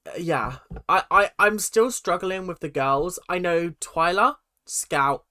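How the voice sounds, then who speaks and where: A man's voice: high-pitched, slow pace, sharp tone. A man hosting a reaction video, chatting casually and exaggerating with mock voices.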